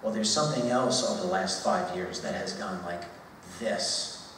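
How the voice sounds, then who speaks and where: Man, 40s, lecture-hall speaker, low and conversational with emphatic repeats, roomy distant sound. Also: moderate pace, a bit bright, slight background noise. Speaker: speaker at a university talk. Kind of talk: public speech. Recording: echoey hall, voice from far off.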